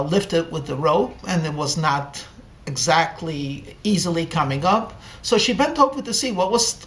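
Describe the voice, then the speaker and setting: Man telling a story at a deliberate pace. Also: fairly high pitch, fairly bright tone. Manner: slow, deliberate pacing with pauses. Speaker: rabbi. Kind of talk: storytelling sermon.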